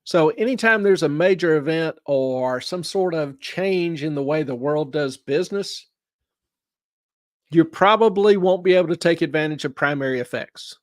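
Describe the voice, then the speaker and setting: A man's voice: fairly high pitch, moderate pace, no echo, clean studio sound. A man hosting a money show, explaining investing in a folksy way by asking questions and answering them himself. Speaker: show host, investment adviser. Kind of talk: explaining investing in a studio chat.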